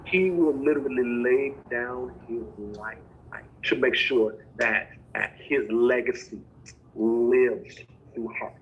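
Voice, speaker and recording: A man giving relationship advice to women in a measured, emphatic preaching style. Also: mid-range voice, lo-fi sound, a little hiss or hum. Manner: measured, emphatic, building phrase by phrase. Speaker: co-host.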